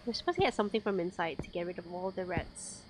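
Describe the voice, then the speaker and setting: A woman co-hosting a let's-play, excitable and quick to gasp and laugh. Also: on the low side, noisy background. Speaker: co-host of gaming channel. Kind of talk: casual let's-play chat. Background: game music.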